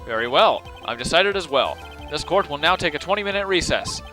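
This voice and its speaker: A man reading the lines of a stern older courtroom judge in a game, formal and deliberate. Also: fairly high pitch, lively intonation, bright, forceful tone, soft background music.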